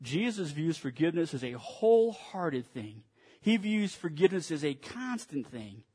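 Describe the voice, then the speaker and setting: Male pastor, higher-pitched voice; narrative sermon delivery, occasional sarcastic asides. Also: big pitch swings, moderate pace, a little mellow, husky. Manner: storytelling, with dry sarcasm.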